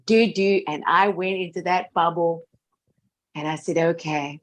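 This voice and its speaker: An earnest woman with a fairly low voice, speaking with deep feeling as she shares a personal story. She repeats her phrases, lets out soft laughs, and often sinks into a hushed, gentle tone. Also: steady tone, measured pace, a little hiss or hum. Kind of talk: emotional personal testimony.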